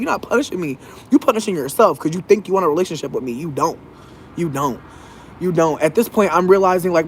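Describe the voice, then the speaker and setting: A man venting in a casual, profane monologue. He talks animatedly and mimics other people in a high voice. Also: a bit bright, a little hiss or hum. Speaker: vlogger.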